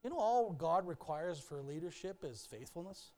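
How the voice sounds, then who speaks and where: A man's voice: fairly high pitch, animated, normal speed, darkish tone. A man preaching a sermon as pastor in a church, talking candidly and joking as he speaks directly to the congregation. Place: church sanctuary.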